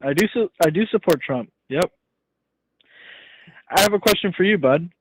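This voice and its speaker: A man's voice: high voice, lively intonation, normal speed. A man in his twenties with a Canadian accent, calling into a live stream, taunting and confrontational. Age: 20s. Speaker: caller. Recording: noisy call with bad reception.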